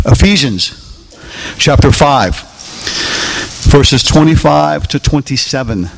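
In a church sanctuary, a middle-aged pastor preaches to his congregation, repeating lines for emphasis and putting questions to them. His voice sits high and is expressive and unhurried, with long pauses, and the recording is rough.

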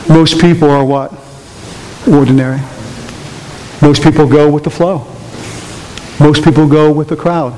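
A man's voice: a little high, steady tone, a little slow, long pauses, dark tone. A man preaching a sermon to his church, emphatic and rising, throwing questions at the congregation. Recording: long reverb of a church hall.

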